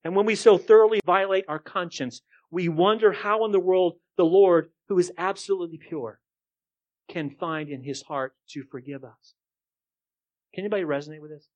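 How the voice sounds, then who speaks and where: Man preaching with loud rising questions. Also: sits high, normal speed, lo-fi sound. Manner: swings from quiet murmurs to loud, rising rhetorical questions; addresses the congregation directly, asking for responses. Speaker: pastor. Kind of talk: sermon.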